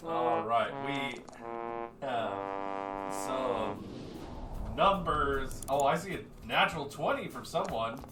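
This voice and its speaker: A man's voice: mid-range voice, slow pace. A man narrating a tabletop game as game master in a casual, laid-back way, swearing freely. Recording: roomy and distant, music behind.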